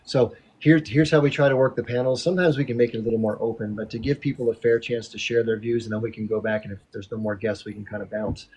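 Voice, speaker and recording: A man's voice: fairly low pitch, steady tone, fast talker, hardly any pauses, a little mellow, husky, muffled recording. A man hosting a live online panel, firmly keeping order and repeating his rules. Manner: firm, keeps order, repeats himself. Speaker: host moderating a live panel. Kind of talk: casual live-stream moderation.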